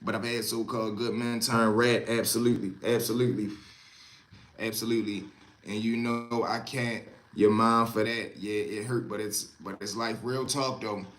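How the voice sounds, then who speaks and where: A man's voice: lowish voice, little pitch movement, normal speed, a bit bright, echoey room. A man hosting a casual livestream, talking street life in a streetwise storytelling way and greeting viewers by name. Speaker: livestream host.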